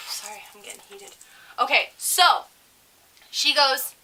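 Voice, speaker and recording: A young woman co-hosting a casual chat show, telling a story in an animated, profane, ranting way. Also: sits high, slow, a little hiss or hum. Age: young adult. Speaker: podcast co-host.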